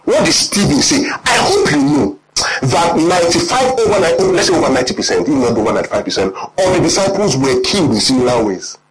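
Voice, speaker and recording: A man with a Nigerian accent preaching a sermon, animated and often quizzing the congregation. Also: fairly high pitch, quick pace, few pauses, a crowd in the background, low-quality recording.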